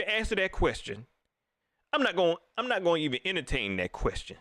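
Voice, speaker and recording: A man hosting a live sports show, teasing and preaching in casual, animated commentary. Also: fairly high pitch, fairly quick, dry recording.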